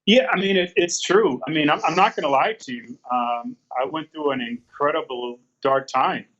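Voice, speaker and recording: A man's voice: fairly high pitch, normal speed, fairly bright tone, lo-fi sound. A man in his fifties telling his story as an interview guest, earnest and rambling, with many fillers and restarts. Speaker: guest, former pro bodybuilder.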